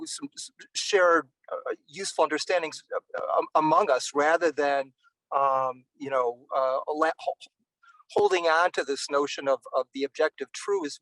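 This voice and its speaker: A man in an academic discussion who talks in a halting, professorial way, full of restarts and fillers. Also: fairly high pitch, fairly bright tone, no echo, rough recording. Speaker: interviewee.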